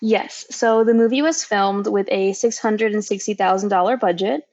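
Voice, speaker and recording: Female podcast guest: calm, steady explainer, recorded slightly dull. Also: mid-range voice, normal speed. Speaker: podcast panelist. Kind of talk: casual film discussion.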